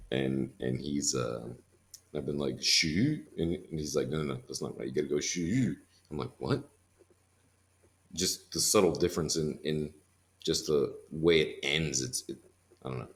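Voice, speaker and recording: A man with a very low-pitched voice, talking casually as a guest on a podcast. He speaks in quick bursts, laughs often and restarts his sentences. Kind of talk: casual conversation.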